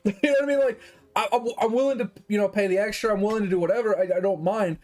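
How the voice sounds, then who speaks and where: A man's voice: high voice, quick pace, darkish tone. A man streaming games, ranting in casual chat, exasperated and swearing freely. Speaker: gaming streamer.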